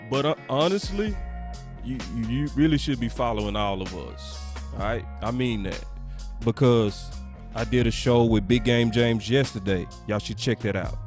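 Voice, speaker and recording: A man's voice: medium pitch, normal speed, a little mellow, faint music behind. Emphatic man hosting a sports podcast. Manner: direct, emphatic, talks straight to viewers. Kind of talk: casual sports talk.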